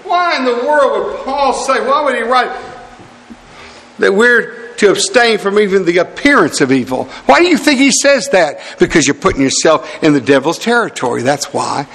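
A man's voice: high voice, very animated, normal speed, a bit bright, long reverb tail. A man preaching a sermon in a church, folksy and pleading with his congregation, chuckling as he goes.

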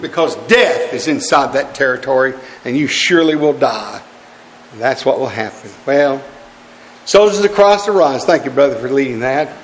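A man's voice: on the high side, lively intonation, normal speed, long reverb tail, a little hiss or hum. A man preaching a sermon in a church, folksy and pleading with his congregation, chuckling as he goes.

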